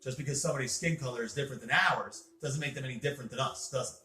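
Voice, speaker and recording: A man's voice: medium pitch, racing, sharp tone. A man hosting a casual chat with a child, explaining things in an earnest, lecturing way while sitting on a bed indoors. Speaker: host. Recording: roomy echo.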